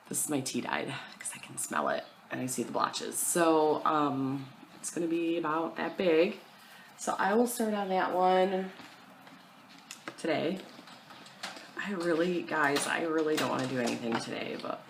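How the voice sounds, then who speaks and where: A woman's voice: low voice, a little hiss or hum, poor audio. A young woman chatting casually at home to her camera about her cross-stitch plans, self-deprecating and full of fillers.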